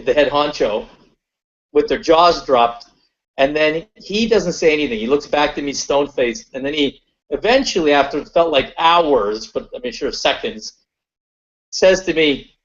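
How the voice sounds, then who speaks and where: A man's voice: fairly high pitch, lively intonation, normal speed. A man on a webinar panel telling a personal story in a conversational way, with lots of fillers and restarts. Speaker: webinar panelist and corporate consultant. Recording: dull lo-fi webinar audio.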